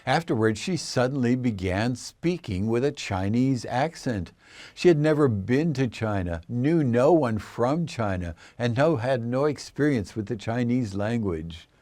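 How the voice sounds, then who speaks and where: A man narrating a scripted explainer in a measured, assertive way. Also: mid-range voice, expressive, a little mellow, no room sound.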